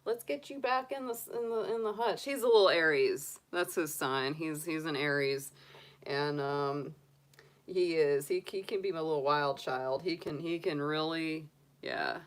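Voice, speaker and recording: Middle-aged woman, lowish voice, slow unhurried chat, soft pet-talk coos. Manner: cooing baby talk to a pet rabbit. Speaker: tarot reader and astrologer. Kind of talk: casual livestream chat.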